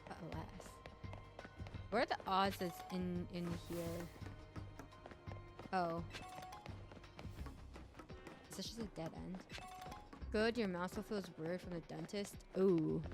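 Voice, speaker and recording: A woman streamer chatting casually over a game, her voice stuffy from congestion, rambling and talking to her chat. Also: on the low side. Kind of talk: casual gameplay commentary.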